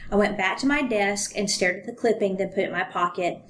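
A woman talks through a true-crime case in a relaxed podcast chat. She paraphrases and reads bits aloud with loose fillers and restarts. A faint background hiss sits under her voice. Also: mid-range voice, a little fast. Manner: chatty storytelling with fillers. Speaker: podcast co-host.

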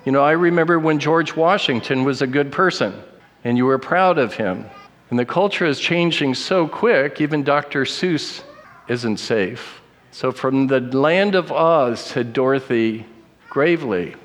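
Middle-aged male preacher running a quiz sermon, mid-pitched, playful, long hall echo. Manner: joking quiz-master, slows for read quotes.

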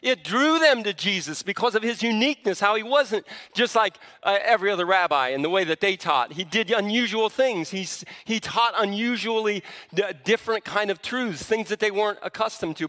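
Bright-voiced preaching man in a hall. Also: sits high, expressive, moderate pace, hardly any pauses. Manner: emphatic, often restarts words mid-phrase. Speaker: pastor. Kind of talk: sermon.

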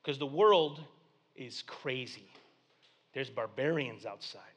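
A male pastor delivering a sermon, swinging from hushed, low passages to loud, excited proclamations. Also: slow pace, breathy edge. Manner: dynamic preaching, dropping to hushed tones then rising to loud exclamations.

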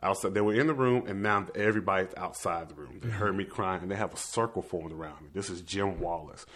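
Young male guest, very low voice, earnest storyteller. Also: fast talker, fairly bright tone. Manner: earnest, emotional, quotes himself and others. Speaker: activist guest. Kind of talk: personal storytelling in conversation.

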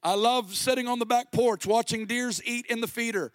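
A middle-aged man preaching a sermon with passion, sometimes rising to a shout. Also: very high-pitched, fairly even intonation, moderate pace, no room sound. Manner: impassioned, rising to shouts at peaks.

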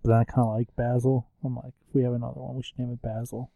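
A man's voice: mid-range voice, flat delivery, racing, gravelly, warm tone, no echo, muffled recording. A man in his thirties co-hosting a podcast in casual, joking chat, sometimes slipping into silly voices. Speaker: podcast co-host.

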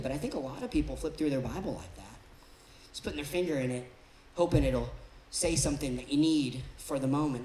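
A pastor delivers a sermon in a conversational way, now and then acting out the people being described. The voice sits at a middle pitch. It carries the roomy echo of a church hall. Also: a little hiss or hum. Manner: conversational, acts out quoted people in different voices. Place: church auditorium.

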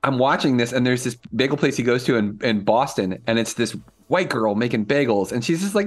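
A man chatting as a podcast guest, telling animated, profane stories. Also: medium pitch, a little fast, hardly any pauses. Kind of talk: casual chat.

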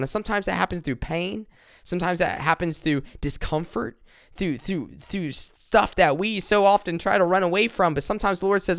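A man shares an informal devotional message in an earnest way, often repeating words and slowing down over scripture lines. His voice sits a bit high and sounds smooth and clear. The recording is dry and close. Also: fairly bright tone, dry recording. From upstate South Carolina, US. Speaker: devotional speaker.

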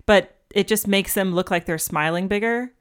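A woman's voice: mid-range voice, moderate pace, smooth. A woman co-hosting a podcast, chatting in an easygoing, enthusiastic way and giggling often. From United States. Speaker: podcast co-host. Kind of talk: casual chat.

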